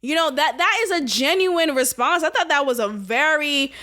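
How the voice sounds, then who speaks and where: A young woman talks through a podcast segment in casual, animated commentary. Her voice sits high and sounds bright and forceful. She is sarcastic and laughs easily. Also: moderate pace. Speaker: podcast co-host.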